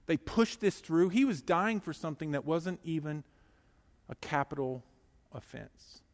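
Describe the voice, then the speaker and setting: A man preaching a sermon, swinging between hushed, slow lines and loud, urgent ones. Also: fairly high pitch, animated, in a large hall.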